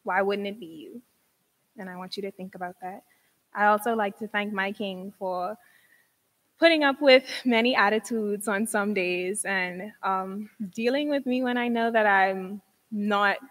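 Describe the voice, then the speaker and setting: A woman's voice: medium pitch, fairly bright tone. A young woman, an outgoing university pageant queen, giving a sincere, conversational farewell speech. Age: young adult.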